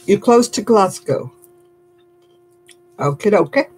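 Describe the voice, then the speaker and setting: Chatty older woman, husky laugh. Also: mid-range voice, lively intonation, slow, a little mellow. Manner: chatty, laughs often, motherly. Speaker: crafting livestream host. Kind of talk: casual chat reading viewer comments.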